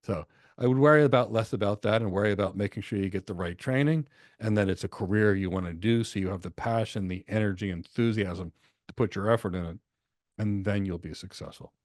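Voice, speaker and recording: An American man hosting a live question session, talking in an animated, encouraging way and telling stories. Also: lowish voice, fairly quick, no echo, studio quality. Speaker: host and instructor. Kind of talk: live Q&A webinar.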